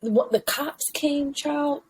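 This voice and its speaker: A woman co-hosting a podcast, telling stories in a casual, slangy, animated way with frequent laughter. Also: sits high, slow, a little hiss or hum. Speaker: podcast co-host. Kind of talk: casual chat, storytelling.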